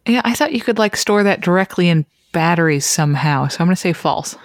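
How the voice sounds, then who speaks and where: A woman's voice: lowish voice, animated, quick pace, no echo, studio quality. A woman on a comedy podcast, guessing answers casually and joking.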